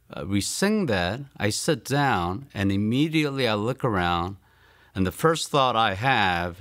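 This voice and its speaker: Earnest man telling a personal testimony. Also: on the low side. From Maryland, United States. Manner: earnest storytelling, often trailing off softly at phrase ends. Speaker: guest giving a testimony.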